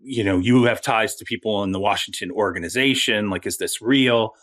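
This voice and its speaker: A man reporting on sports in a casual talk show, telling stories in an animated way. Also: fairly low pitch, fairly quick. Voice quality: animated, storytelling.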